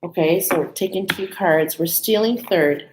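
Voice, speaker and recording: A woman with a low voice talks through a spiritual card reading in a relaxed, chatty way. She checks in with her listeners again and again and sounds moved at times. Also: normal speed, noisy background. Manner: warm, chatty, with fillers like "okay?" and "right?"; emotional, laughing and near tears at times. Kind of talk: casual live card reading.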